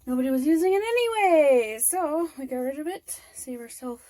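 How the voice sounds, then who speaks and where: A woman's voice: high-pitched, lively intonation, moderate pace, dark tone. A woman vlogging at home, chatting casually and rambling aloud to herself as she goes about her day. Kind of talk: casual chat. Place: at home indoors.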